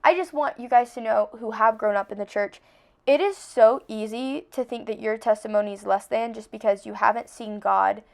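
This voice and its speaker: Young woman, podcast host, slightly high voice, earnest and chatty faith talk. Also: normal speed, gravelly, darkish tone. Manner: chatty, earnest, heavy use of "like".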